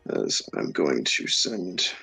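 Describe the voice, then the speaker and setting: A man narrating as game master of a tabletop game, halting, with many fillers and restarts, often laughing. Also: deep voice, sing-song, creaky, bright, forceful tone, breathy edge.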